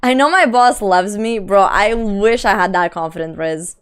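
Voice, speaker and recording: Chatty young woman streamer, smooth voice. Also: mid-range voice, moderate pace. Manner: chatty, reads chat aloud, frequent laughs and "like". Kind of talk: casual live-stream chat.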